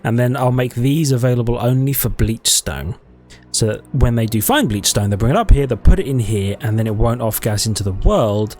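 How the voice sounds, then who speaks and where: A man's voice: mid-range voice, fairly quick, a little mellow, soft background music. A man giving casual let's-play commentary, thinking aloud in a chatty way and correcting himself as he goes. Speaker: gaming YouTuber.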